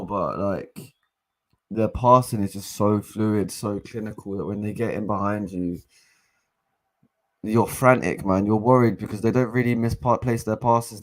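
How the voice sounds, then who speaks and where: A young man giving casual live match commentary as a fan co-host, excitable and exasperated, with frequent restarts. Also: fairly low pitch. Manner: excitable and exasperated, swears, repeats and restarts phrases.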